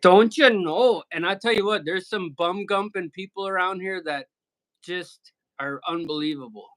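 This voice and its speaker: A man from Michigan with an Upper Midwest American accent chats casually. He is blunt and joking and swears freely, and his voice sits a touch higher than most men's. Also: moderate pace, sharp tone, poor audio. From Michigan, USA. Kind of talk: casual chat.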